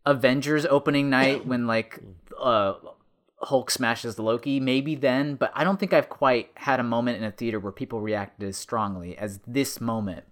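Brief: man, podcast co-host, mid-pitched, chatty, rambling enthusiasm. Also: normal speed. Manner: rambling, warm enthusiasm, restarts. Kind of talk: casual film discussion.

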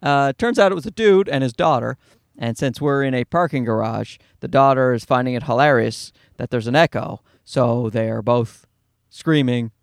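A man's voice: medium pitch, moderate pace, creaky, dry recording. A comedian in his thirties hosting his own podcast from a home studio, ranting casually with profanity and acted-out voices.

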